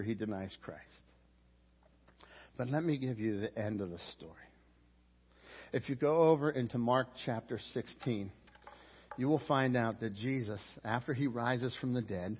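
A man preaching a sermon as pastor, animated, acting out quotes and asides. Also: mid-range voice, slightly rough. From Pittsburgh. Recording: dull recording in a reverberant hall.

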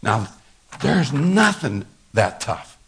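A man's voice: mid-range voice, big pitch swings, takes it slowly, creaky, a bit bright, slightly rough. An older man, a pastor, giving a folksy sermon full of stories, laughter and repeated words. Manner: folksy storytelling with laughter and repetitions.

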